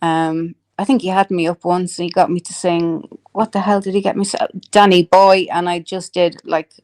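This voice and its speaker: A woman's voice: fairly low pitch, little pitch movement, normal speed, a little mellow. An Irish woman chatting casually with viewers on a live stream, swearing freely, laughing a lot and reading out comments.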